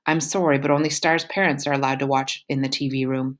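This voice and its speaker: A woman reading the lines of a calm, kind woman lawyer in a gentle, reassuring way. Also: very deep voice, fairly quick.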